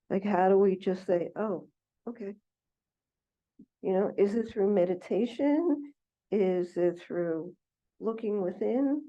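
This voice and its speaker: A woman in a class, asking hesitantly how to let go, often restarting as she searches for words. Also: medium pitch. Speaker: class participant. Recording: dull lo-fi recording.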